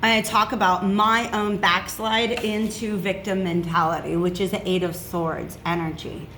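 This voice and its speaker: A woman's voice: mid-range voice, fairly even intonation, moderate pace, bright, forceful tone, slight background noise. A woman giving a casual tarot reading, chatty and reassuring, checking in with "okay?" often. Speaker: tarot reader.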